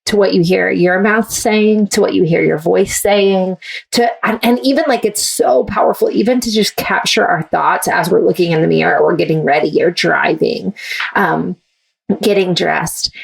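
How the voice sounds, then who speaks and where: A woman's voice: on the low side, creaky, breathy edge, far from the mic. A woman author, a guest in an interview, giving earnest, thoughtful answers with frequent fillers.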